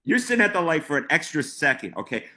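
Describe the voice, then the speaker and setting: Male comic guest, loose rambling banter, slightly high voice. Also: very animated, fast, bright, forceful tone. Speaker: comedian guest. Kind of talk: casual interview chat.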